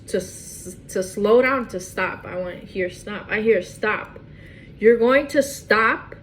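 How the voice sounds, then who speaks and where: A woman's voice: on the high side, slight background noise, rough recording. A woman doing a casual tarot reading to camera, emphatic and repetitive, often restarting her phrases. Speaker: tarot reader.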